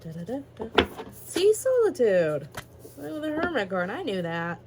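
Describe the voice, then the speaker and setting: A woman's voice: fairly high pitch, wildly swooping pitch, measured pace, heavy background noise. Chatty woman giving a tarot reading. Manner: chatty, rambling, giggly, with many fillers. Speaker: tarot reader. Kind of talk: casual tarot reading monologue.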